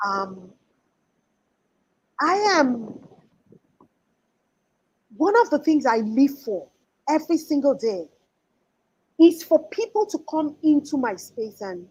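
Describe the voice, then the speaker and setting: A woman's voice: high voice, expressive, takes it slowly, long pauses, a little mellow, low-quality recording. A woman in her forties giving an earnest, emphatic motivational talk as a life coach, often restarting her sentences.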